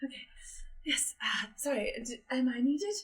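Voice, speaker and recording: A woman voicing a frail, sheltered young noblewoman who talks softly and breathlessly, in a tabletop role-play. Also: high voice, animated, normal speed. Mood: flustered.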